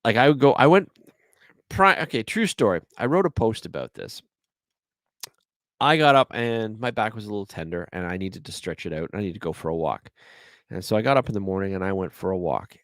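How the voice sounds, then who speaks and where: A Canadian-accented man with a lowish voice hosts a solo podcast, rambling through his stories in easy conversation. The sound is dry and close, with no room around him. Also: expressive, fairly quick, fairly bright tone, no room sound. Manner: chatty, rambling storyteller. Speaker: podcast host.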